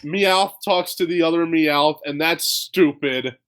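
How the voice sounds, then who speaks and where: A man in his twenties co-hosting a podcast, chatting casually in an excitable, joking way and laughing often. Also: fairly high pitch, takes it slowly, clear, resonant tone. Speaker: podcast co-host. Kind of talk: casual chat.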